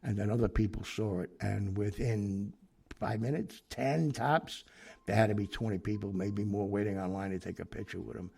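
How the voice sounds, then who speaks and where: A man telling an anecdote in a lively way, acting out the people he quotes, with fillers and restarts. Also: fairly low pitch, normal speed, creaky, husky. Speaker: storyteller guest.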